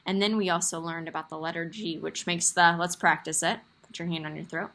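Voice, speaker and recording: A woman teacher leading a young class over a video call, encouraging and expressive as she reads a story aloud. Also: on the low side, fairly quick. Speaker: kindergarten teacher. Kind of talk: online class lesson.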